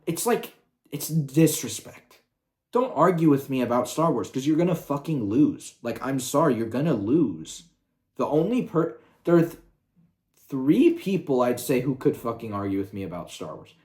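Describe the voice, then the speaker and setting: A man's voice: medium pitch, very animated, normal speed, a little mellow. A young man ranting heatedly on his video channel, swearing often and sounding combative. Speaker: YouTuber.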